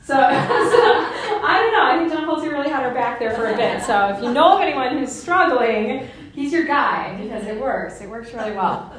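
Woman in her 40s, lively storyteller giving a talk, far from mic, very echoey room. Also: a little high, a little fast, crowd noise. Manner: animated, laughing storyteller. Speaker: speaker. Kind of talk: talk to a live audience.

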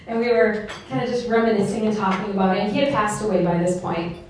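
Animated woman speaker in echoey hall. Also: mid-range voice, quick pace, a little hiss or hum. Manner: animated, laughing storyteller. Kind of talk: talk to a live audience. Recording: echoey room from far off.

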